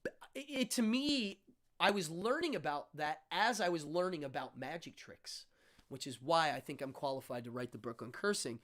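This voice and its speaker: A man's voice: a little high, animated, normal speed. A man in his fifties hosting a live stream, chatting casually in a laid-back, slangy way and thanking viewers by name. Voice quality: laid-back, slangy, with frequent ums and uhs. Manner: upbeat sign-off, shouting out viewers by name. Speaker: host.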